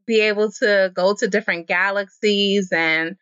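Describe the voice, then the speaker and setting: An enthusiastic woman guest with a bright, forward voice who gushes as she talks. Her audio is dry and a bit muffled, like lo-fi remote sound. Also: mid-range voice, steady tone, normal speed, clear, resonant tone, no echo. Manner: enthusiastic, gushing. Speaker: interview guest. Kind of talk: casual chat.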